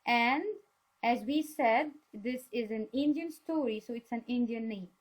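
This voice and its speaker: Slow, patient woman teaching young learners. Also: fairly high pitch. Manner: slow, patient, praising and explaining words. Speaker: English teacher. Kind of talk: reading a story aloud for a class.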